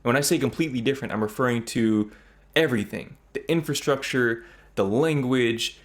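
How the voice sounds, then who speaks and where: A man's voice: mid-range voice, a little fast. Chatty American man reacting to a video. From United States. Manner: chatty, reflective, thinking aloud. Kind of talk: casual commentary.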